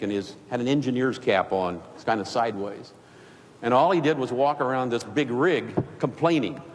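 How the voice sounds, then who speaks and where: In a reverberant hall with faint ambience, an older keynote speaker tells an audience folksy, funny business stories. His pitch is medium, and the recording carries a little hiss or hum.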